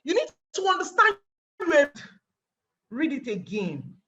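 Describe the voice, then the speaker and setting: Animated Nigerian woman giving a webinar talk. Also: sits high, takes it slowly, rough recording. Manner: animated, acting out little scenes and asking rhetorical questions. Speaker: guest speaker.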